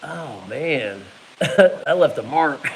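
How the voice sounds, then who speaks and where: A man's voice: medium pitch, animated, very slow, slight background noise, poor audio. A man telling a casual personal story, laughing often and making sound effects. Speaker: vlogger.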